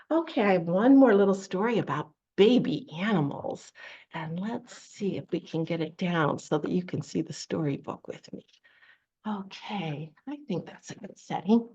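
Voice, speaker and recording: A woman running a children's storytime, reading a picture book and coaxing the kids to join in with a lively, sing-song manner. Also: a little high, breathy edge, dull audio. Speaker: children's librarian.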